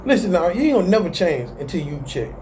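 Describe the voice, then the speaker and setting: A man's voice: sits high, sing-song, fast talker, darkish tone, a little hiss or hum. A man hosting a casual self-help video, talking animatedly in slang and often laughing at himself. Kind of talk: casual motivational talk to camera.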